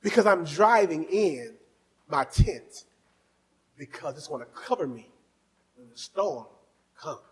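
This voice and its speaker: High, husky-voiced preaching man. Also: expressive, takes it slowly, pauses often, low-quality recording. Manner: fervent, swings from soft asides to shouting; exhorting the congregation. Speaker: pastor. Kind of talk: preaching a sermon.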